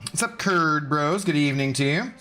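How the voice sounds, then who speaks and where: Man, slightly high voice, relaxed gaming streamer reading chat, faint music behind. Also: moderate pace. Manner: laid-back, chatty, greets viewers by name. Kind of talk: casual live-stream chat while gaming.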